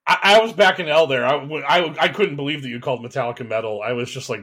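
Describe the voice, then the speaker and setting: A man's voice: mid-range voice, quick pace, few pauses, a bit bright. A man hosting a podcast, chatting casually and joking in a playful, self-mocking way. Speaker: podcast host.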